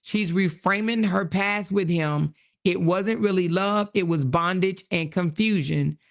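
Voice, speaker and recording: Gravelly-voiced woman livestreamer reading chat. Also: fairly low pitch, a little slow. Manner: reacts with exclamations, reads comments and messages aloud. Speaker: livestream host. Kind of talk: casual livestream commentary, reading chat aloud.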